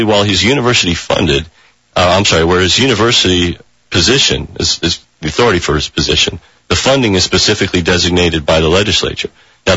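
A man speaking as a reporter guest in a radio interview, halting with many fillers and restarts, on a dull lo-fi broadcast. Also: deep voice, sharp tone, slightly rough, no echo.

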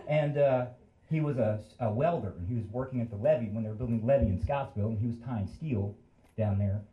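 A man's voice: medium pitch, fast, echoey room, phone-quality sound. Rambling man in his fifties telling a story. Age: 50s. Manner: casual, rambling, self-deprecating. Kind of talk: live storytelling. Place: live venue stage.

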